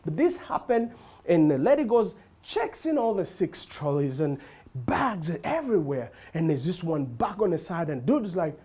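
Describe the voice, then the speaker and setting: High, lively stand-up comedian from Africa. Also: male voice, moderate pace, husky. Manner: animated storytelling, laughing along. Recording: live crowd and noise. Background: audience laughter.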